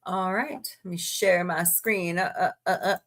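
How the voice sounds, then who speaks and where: Bright-voiced chatty woman streamer. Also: on the low side, steady tone, a little slow. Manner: chatty, reads news aloud with asides. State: yawning, tired. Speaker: livestream host. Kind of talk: casual livestream chat and news reading.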